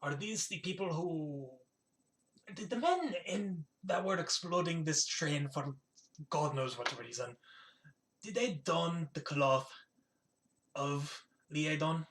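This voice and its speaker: Genial bearded village chief with wares to sell, played by a man, fairly high voice. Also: expressive, slow, a bit bright. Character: bearded male village leader hawking wares.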